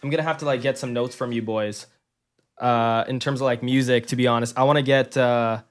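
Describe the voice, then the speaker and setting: A relaxed male podcast host with a smooth, clean-sounding voice at a middle pitch. He talks loosely and casually, trailing off with filler words as he steers the conversation. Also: fairly quick. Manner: laid-back, easygoing, lots of filler words. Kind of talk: casual interview chat.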